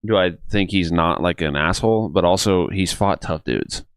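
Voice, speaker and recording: A man's voice: low-pitched, moderate pace, clear, resonant tone, no room sound. A man co-hosting a fight podcast who often stumbles and restarts as he reasons his way through his points. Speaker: podcast co-host. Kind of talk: casual chat.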